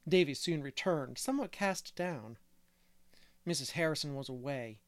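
A man reading a classic novel aloud as narrator, measured and unhurried. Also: fairly high pitch, expressive, no echo. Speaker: audiobook reader. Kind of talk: scripted narration.

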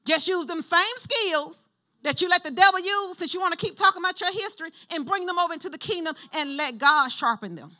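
With a very high-pitched voice and a slightly fast pace, a middle-aged female pastor preaches animatedly and conversationally. She keeps prompting the congregation to respond.

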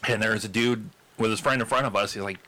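A man's voice: lowish voice, steady tone, quick pace, pushed and bright. A young man co-hosting a podcast, telling a story casually with lots of fillers and acted-out quotes. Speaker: podcast co-host.

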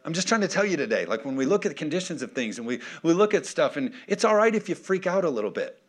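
A man's voice: a little high, very animated, fast talker. A male pastor preaching an emphatic sermon, often calling for the congregation's response.

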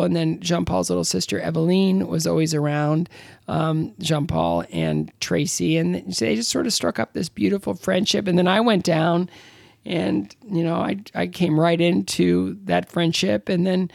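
A man in his sixties, an interview guest telling stories casually, halting with many fillers and restarts. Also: high voice, creaky, dry recording, clean studio sound. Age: 60s. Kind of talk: casual conversational storytelling.

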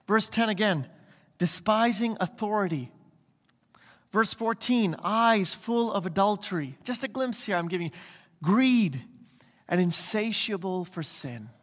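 Male pastor, emphatic sermon delivery, rhetorical questions, high voice, long church-hall reverb. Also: measured pace, fairly bright tone.

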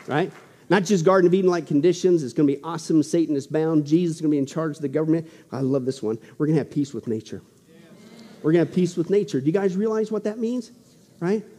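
High-voiced emphatic male preacher. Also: big-room sound. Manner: animated, emphatic, joking asides. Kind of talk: sermon.

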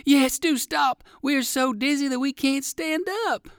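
A woman voicing two dizzy foxes in a storybook, shrill and pleading. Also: steady tone, unhurried, no room sound, clean studio sound. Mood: panicked.

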